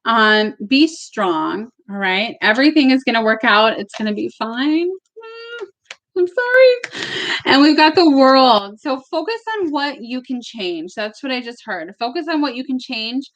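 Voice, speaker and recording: A woman with a fairly high voice reads tarot cards on a live stream from home. She talks in a loose, chatty way, gets emotional at times, and swears now and then. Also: expressive, moderate pace, hardly any pauses, a bit bright. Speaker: tarot reader. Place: home with barking dogs.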